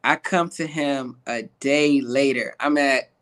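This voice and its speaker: A man, an actor and comedian guest, telling a comic story in an interview, animated and slipping into put-on voices and Spanish phrases. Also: mid-range voice, slow.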